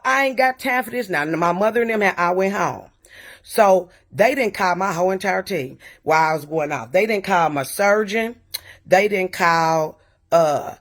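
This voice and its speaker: A woman tells her viewers a personal story in loose, colloquial speech. She is emphatic and indignant, and she swears now and then as she presses each point. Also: medium pitch. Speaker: vlogger telling a personal story.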